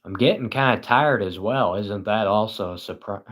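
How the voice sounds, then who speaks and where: A man's voice: fairly low pitch, normal speed, a bit bright. A tired British man hosting a livestream, chatting casually and reading viewers' comments with dry, self-mocking sarcasm. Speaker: livestream host.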